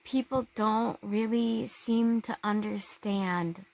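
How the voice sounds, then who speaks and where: A woman talking in a casual personal vlog, halting, with long pauses and restarts. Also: mid-range voice, steady tone, vocal fry, darkish tone. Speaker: vlogger.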